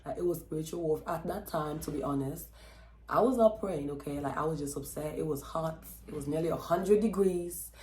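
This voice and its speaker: A woman vlogger telling a personal story in a chatty, expressive way, with lots of fillers and acted-out quotes. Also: deep voice, moderate pace, reverberant, slight background noise. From Texas. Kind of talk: casual storytelling vlog.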